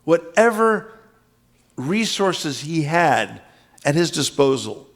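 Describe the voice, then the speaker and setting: A man's voice: fairly high pitch, creaky. An older man from the US East Coast giving an emphatic, dramatic lecture on scripture, repeating key phrases for weight. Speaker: spiritual teacher.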